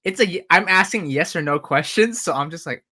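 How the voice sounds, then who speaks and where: A man's voice: fairly high pitch, lively intonation, brisk, bright, forceful tone. A young man co-hosting a podcast, chatting in a laid-back, slangy way and laughing often. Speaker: podcast co-host. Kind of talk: casual chat.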